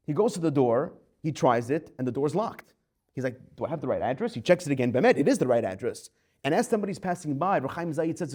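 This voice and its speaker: A man giving a Torah class as a rabbi, telling a story with lively acted-out dialogue. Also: on the high side, fast. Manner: animated storyteller acting out quoted voices.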